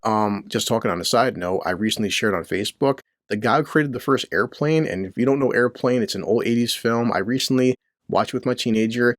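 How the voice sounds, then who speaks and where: A man's voice: medium pitch, a little fast, no echo, faint music behind. A middle-aged man rants about the news from his basement, blunt and crude, swearing freely. His voice sits in a middle range and sounds dry and close to the mic. He talks in rhetorical questions and short jabs. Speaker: commentary channel host. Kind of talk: profane ranting commentary. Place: home basement near a boiler.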